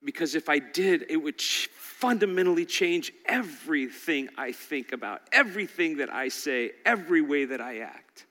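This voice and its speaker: A male pastor preaching a sermon, swinging between loud exhortation and quiet intensity. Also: a little high, lively intonation, moderate pace, hardly any pauses. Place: large church hall. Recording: long hall reverb.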